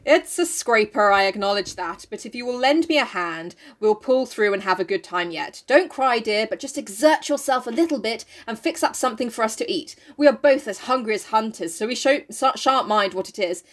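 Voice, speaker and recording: Figure: a dismissive husband, offhand and condescending, as a woman reads him. Pitch: fairly high, lively. Acting: light. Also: a little fast, hardly any pauses, lightly acted.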